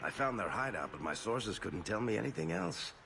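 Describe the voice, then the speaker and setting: Dry, wry dwarf, lowish voice, lively swings in pitch. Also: male voice, fairly quick, gravelly, slight background noise, heavily acted. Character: wry male dwarf storyteller in a fantasy game.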